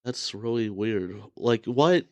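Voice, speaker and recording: A man's voice: on the low side, animated, slow pace, no echo. An American man co-hosting a podcast, trading blunt, profane, teasing banter. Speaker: podcast co-host.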